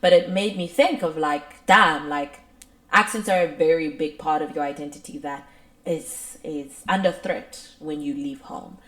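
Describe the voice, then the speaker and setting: A young South African woman co-hosting a podcast, talking in a loose, rambling way with plenty of filler words. Her voice sits a little low and swings between lively bursts and quiet asides. The room around her has a noticeable echo. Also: a little slow. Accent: South African English. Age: 20s. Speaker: podcast co-host. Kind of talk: casual chat.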